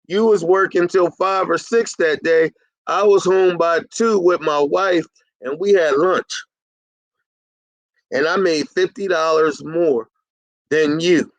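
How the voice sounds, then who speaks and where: A man's voice: on the high side, no echo, lo-fi sound. A middle-aged man consulting for carpet cleaners, talking in a folksy coaching style and sometimes acting out both sides of a conversation. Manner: folksy, plays both sides of an imagined dialogue.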